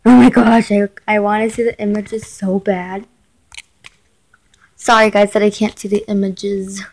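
A woman's voice: medium pitch, little pitch movement, a little slow, vocal fry, a little mellow, low-quality recording. A woman reading a chat story who stops to comment and talks casually to her viewers, often saying "like.". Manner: chatty, filler-heavy, talks to viewers.

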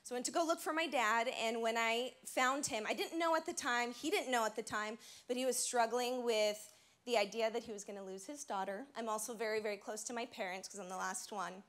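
A woman's voice: on the high side, steady tone, brisk, a bit bright. A woman in her thirties giving a chatty, practical personal testimony at a church women's event. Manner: bubbly, chatty, practical storytelling. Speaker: women's conference speaker. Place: church stage before a live audience.

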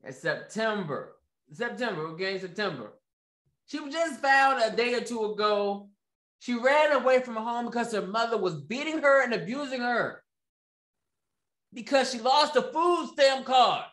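A man's voice: extremely high pitch, a little slow, roomy sound. A man hosting a ranting commentary, repeating himself and mocking his subjects. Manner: animated, repetitive, mocking. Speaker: commentary host.

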